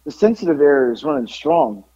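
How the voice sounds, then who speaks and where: A man's voice: on the high side, big pitch swings, a little fast, dark tone, husky, no echo, lo-fi sound. A man co-hosting a podcast, telling a story in a rambling, casual way full of "like" and swearing. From south side of Atlanta. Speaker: podcast co-host.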